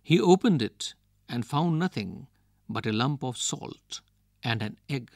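A man's voice: medium pitch, lively intonation, a little slow, creaky, darkish tone, dry recording, clean studio sound. A man with an Indian English accent reading a textbook story and its questions aloud for a lesson. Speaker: lesson narrator.

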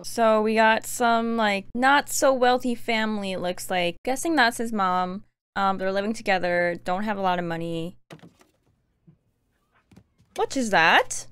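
A woman's voice: mid-range voice, clean tone, dry recording. Chatty young woman reacting to a show. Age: 20s. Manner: chatty, excitable, quick to laugh. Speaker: reaction streamer. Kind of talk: casual reaction commentary.

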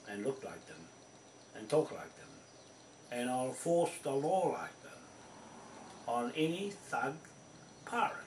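A man's voice: medium pitch, slight background noise. Emphatic New man, distant and roomy. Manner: emphatic, accusing, repeats himself. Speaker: land claimant addressing viewers. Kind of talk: rambling accusatory monologue to camera. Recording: roomy echo from a distant mic.

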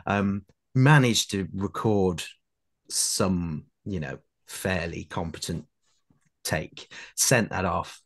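A man's voice: sits low, slow pace. A man in his late twenties from Derbyshire, a guest actor telling self-deprecating anecdotes in a podcast interview. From England, Derbyshire. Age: late 20s.

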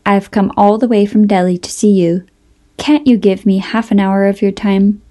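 A woman reading the lines of a grown man, a loud and pushy old friend, in a booming, teasing way, as part of a storybook reading. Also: fairly even intonation, normal speed, close to an everyday voice. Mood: boisterous.

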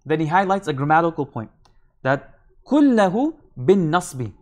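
A male scholar giving a verse-by-verse lesson, racing through the Arabic text at high speed. He slows down to explain each phrase in English, repeating key points and checking in with "right?". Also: very animated. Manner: reads Arabic text quickly, then explains it slowly in English. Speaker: Islamic scholar teaching Quran commentary. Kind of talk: line-by-line scripture lesson.

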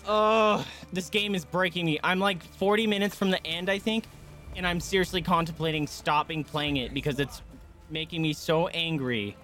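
A man's voice: a little high, fairly even intonation, normal speed, sharp tone. A male streamer giving live gameplay commentary, ranting and swearing in frustration. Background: faint game music.

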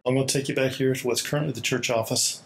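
Breathless pastor giving a church tour. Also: male voice, mid-range voice, fairly even intonation, fast, vocal fry, a little hiss or hum. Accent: Hawaii. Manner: chatty, laughs often, slightly out of breath. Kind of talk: casual walking video tour. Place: small church building indoors. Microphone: laptop held while walking.

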